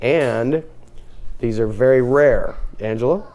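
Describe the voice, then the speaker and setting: A man teaching a group Bible study, lively, asking the group questions and acting out what the people in the text say. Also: medium pitch, takes it slowly. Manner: animated, acts out the characters' lines.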